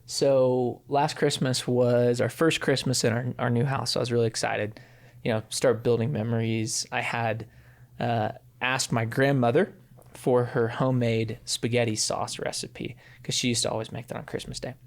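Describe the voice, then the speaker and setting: A man in his thirties co-hosting a podcast, telling a personal story in a relaxed, reflective way. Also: medium pitch, normal speed, creaky. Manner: warm anecdotal telling, acts out quotes. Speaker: podcast co-host. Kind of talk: casual storytelling.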